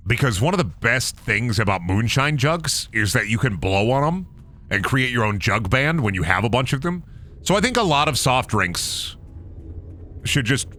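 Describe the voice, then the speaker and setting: A man's voice: medium pitch, sharp tone. A man streaming a game, rambling through profane, jokey asides. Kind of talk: casual gaming commentary.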